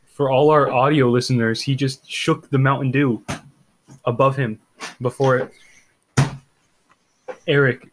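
A young man hosting a casual podcast, joking through animated banter with friends. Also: medium pitch, measured pace, long pauses, slight background noise. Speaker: podcast host. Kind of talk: casual chat.

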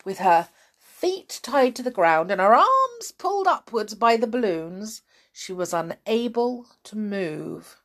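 A woman narrating a children's story aloud in an expressive, dramatic storytelling manner. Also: mid-range voice, slow pace.

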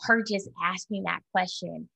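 A woman in her forties with a gravelly, fry-laced voice shares a personal memory candidly. Her telling is reflective and unguarded, as a co-host in casual conversation. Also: fairly low pitch, steady tone, unhurried, pushed and bright, poor audio. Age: 40s. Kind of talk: personal storytelling in casual chat.

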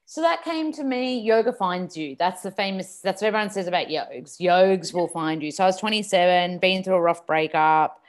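This is an Australian woman in her thirties, talking casually as an interview guest. Her voice sits a little low for a woman. She rambles in an animated way, full of fillers. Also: normal speed, few pauses. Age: 30s. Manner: chatty and animated, lots of "like" fillers. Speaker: guest, TV presenter and yoga teacher.

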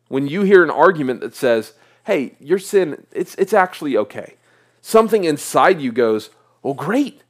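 Earnest preaching man. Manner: earnest preaching, rises in pitch and volume for emphasis; frequent rhetorical questions. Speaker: pastor. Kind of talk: sermon.

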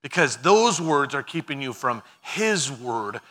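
A man preaching a sermon as pastor, animated and emphatic, laughing at his own asides. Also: medium pitch, measured pace.

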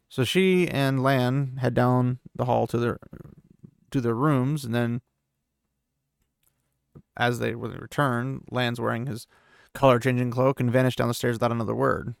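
A man's voice: mid-range voice, steady tone, moderate pace, vocal fry, pauses often, smooth, dry recording, clean studio sound. A young man casually recapping a book chapter, chatty, paraphrasing the characters and laughing at his own slips. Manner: chatty, paraphrases with "he's like", self-corrects and laughs. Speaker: podcast host recapping a book. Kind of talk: casual book recap with read-aloud quotes.

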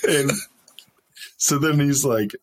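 A man's voice: mid-range voice, slow. A young man casually telling a profane, laughing story as a podcast guest.

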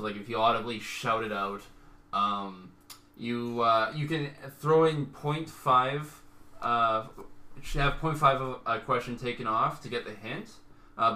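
A man's voice: medium pitch, bright, forceful tone, reverberant. A man hosting a casual comedy podcast quiz, talking loosely with lots of fillers and restarts. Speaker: podcast host and quizmaster.

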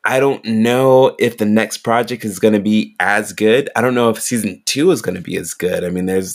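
A man hosting a casual podcast chat, rambling and repeating words as he thinks. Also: on the low side. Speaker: podcast host.

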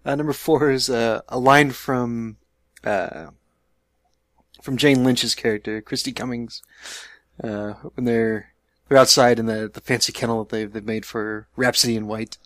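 A man's voice: medium pitch, fairly even intonation, a little slow, dry recording, studio quality. A man on a casual podcast describing a movie line, hesitant with frequent ums and uhs. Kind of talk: casual chat.

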